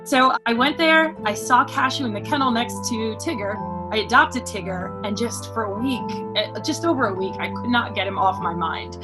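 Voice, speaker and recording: A woman giving a personal testimonial about adopting a dog, speaking earnestly and conversationally with casual fillers. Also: a little high. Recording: music playing behind the voice.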